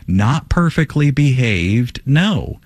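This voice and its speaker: A man's voice: medium pitch, very animated, takes it slowly, husky, no room sound. A man hosting a call-in radio teaching show, answering a caller in an emphatic, conversational way, with frequent rhetorical questions and "uh" fillers.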